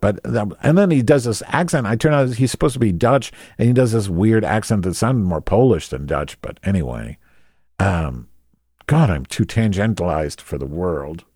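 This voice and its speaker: A man's voice: on the low side, animated, moderate pace, warm tone, dry recording, studio quality. A man telling a rambling comic story, crude and sarcastic, often going off on tangents.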